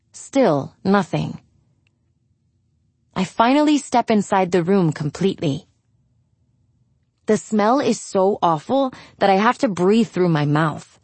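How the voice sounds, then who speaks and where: Woman narrating an audiobook, dry and low. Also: no echo. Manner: frank, wry and steady. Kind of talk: first-person audiobook narration.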